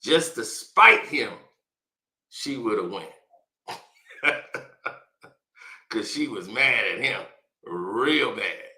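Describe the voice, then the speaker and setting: Slow raspy dude teasing and chuckling, sharp bright tone, echoey room. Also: male voice, fairly low pitch, animated. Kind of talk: casual chat. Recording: roomy echo.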